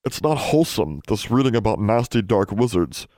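A man's voice: lowish voice, very animated, normal speed, dark tone, dry recording, pitched above the performer's own voice. Man voicing a prim tattling house elf. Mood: disapproving.

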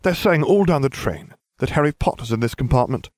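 A man's voice: medium pitch, lively intonation, fairly quick, a little mellow, no room sound, pitched above the performer's own voice, lightly acted. A man voicing a snobbish, arrogant rich boy with a haughty, disdainful manner.

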